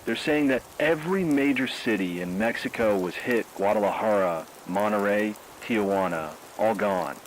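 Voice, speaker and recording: A man's voice: fairly low pitch, moderate pace, a little hiss or hum, natural voice, rough recording. A man playing a despairing radio DJ. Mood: somber. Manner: grim, shaken, despairing. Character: male radio host, scared and grief-stricken. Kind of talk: radio drama narration.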